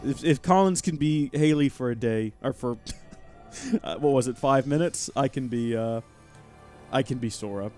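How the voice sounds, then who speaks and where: A man's voice: medium pitch, normal speed, faint music behind. A young man streaming live gameplay, chatting and thanking viewers as he plays. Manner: chatty and animated, thanking chat mid-game.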